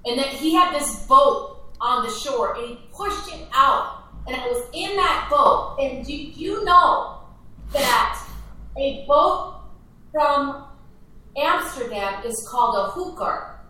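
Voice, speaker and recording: Bright-voiced lady from minnesota, animated storyteller, sounds far off in a roomy echo. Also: high-pitched, takes it slowly. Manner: animated, storytelling with emphatic repetition. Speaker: ministry founder. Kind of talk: conversational interview. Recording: echoey, distant from mic.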